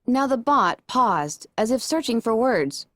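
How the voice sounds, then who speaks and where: Expressive female audiobook narrator with a bright, higher pitch and animated delivery; dry, close recording. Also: unhurried, no echo. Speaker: audiobook reader. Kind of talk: first-person story narration.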